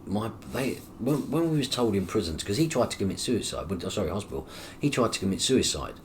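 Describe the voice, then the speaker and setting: A middle-aged man, his voice sitting very low. He tells his story as a guest in an interview, acting out the dialogue with plenty of swearing. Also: brisk, slight background noise. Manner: animated, acts out quoted dialogue with coarse swearing.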